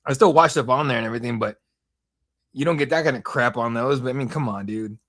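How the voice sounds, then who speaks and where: A young man hosting a live fight watch-along stream, rambling, excitable and profane in casual commentary. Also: medium pitch, fast. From United States.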